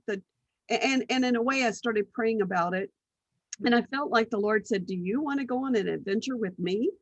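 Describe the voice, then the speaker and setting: A woman's voice: on the high side, brisk, dry recording, muffled recording. A middle-aged woman telling stories from her life in a casual interview, acting out what others said and laughing often. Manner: animated anecdotes, acts out quoted voices, laughs often. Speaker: guest, business strategist.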